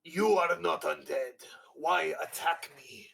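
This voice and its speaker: A man's voice: fairly high pitch, slow pace, creaky, a bit bright, distant mic, heavily acted. A man voicing a crazed, suspicious male miner with a put-on Russian accent. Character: crazed hollow-eyed male miner, suspicious and single-minded.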